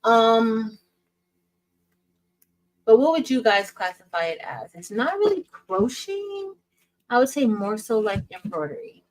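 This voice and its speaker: A woman's voice: on the high side, sing-song, unhurried, long pauses, low-quality recording. Woman doing a craft livestream, chatty and upbeat, saying hi to everybody. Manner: chatty and upbeat, greets viewers by name. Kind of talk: casual livestream chat greeting viewers.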